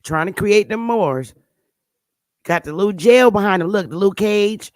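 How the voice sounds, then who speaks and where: Hosting her channel at a moderate pace, a woman with a mid-range voice sarcastically and bluntly comments on pictures and tells off her viewers, with no room sound audible.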